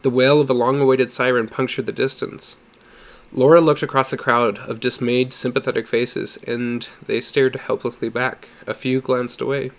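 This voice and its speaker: Gravelly-voiced man reading a story. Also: mid-range voice. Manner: steady, measured reading. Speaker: audiobook reader. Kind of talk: storybook narration.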